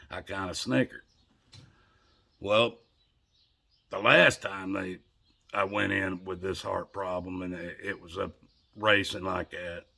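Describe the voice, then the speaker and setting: Man with a low, gravelly voice and a bright, husky edge, casual rambling storytelling. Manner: rambling, conversational, with repeated restarts.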